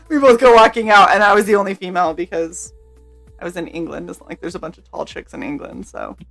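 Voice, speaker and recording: A woman's voice: on the low side, very animated, a little fast, creaky, a bit bright, faint music behind. A young woman telling a story on a live stream in casual chat. She talks animatedly, laughs often, swears freely and acts out what people said. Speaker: streamer co-host.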